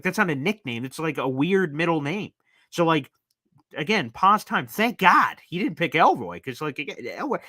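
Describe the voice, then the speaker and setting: A man in his thirties hosts a live sports chat with a bright, forceful voice. He rambles from one story to the next and jumps into little detours, with a dry, close sound and no room echo. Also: fairly high pitch. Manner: acts out quotes with voices and sound effects. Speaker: sports talk host.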